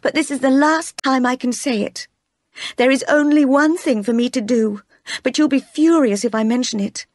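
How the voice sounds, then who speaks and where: A woman reading aloud as a quiet, earnest young governess in her own voice. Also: sits high, normal speed, dry recording, studio quality, voice pushed up, lightly acted.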